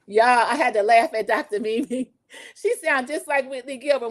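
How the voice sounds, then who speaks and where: Animated gossipy woman recapping a show. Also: fairly high pitch, moderate pace. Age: 40s. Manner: animated, gossipy, addresses viewers as y'all. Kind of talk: casual livestream recap.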